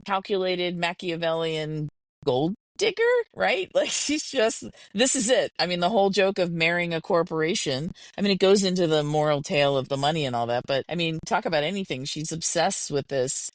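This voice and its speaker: A woman co-hosting a film podcast, chatting in an animated and opinionated way. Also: low voice, normal speed, dry recording. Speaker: podcast co-host. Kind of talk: casual film discussion.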